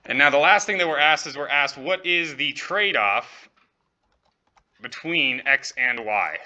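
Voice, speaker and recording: A man's voice: a little high, a little slow, sharp tone, lo-fi sound. A man teaching economics, working through a problem step by step and checking in with students, with the occasional joke. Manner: light, joking asides. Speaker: economics professor. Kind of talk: classroom lecture.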